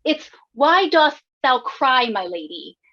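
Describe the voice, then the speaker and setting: A woman's voice: high-pitched, very animated, slow, dull audio, full character voice. A woman playing a defensive, impatient stage actress who keeps forgetting her lines. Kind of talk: community theater stage play.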